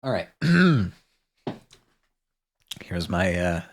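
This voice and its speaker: A man's voice: deep voice, sing-song, very slow, a little hiss or hum. A man streaming casually who chats in a rambling way, restarting and interrupting himself often. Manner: rambling, self-interrupting, many restarts and fillers. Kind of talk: casual livestream chat.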